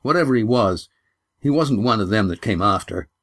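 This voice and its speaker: A man's voice: on the low side, expressive, normal speed, a bit bright. A man voicing a hard, wary village widow who speaks bluntly and keeps her guard up.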